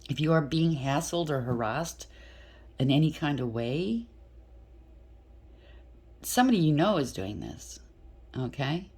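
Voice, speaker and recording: A woman giving a casual tarot reading, chatty and blunt, thinking aloud and swearing freely. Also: low voice. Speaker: tarot reader.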